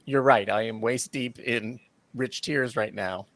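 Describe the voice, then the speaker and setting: A man's voice: medium pitch, a little slow, fairly bright tone, no room sound. A man making wry jokes as a panelist in a casual chat. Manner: wry, joking.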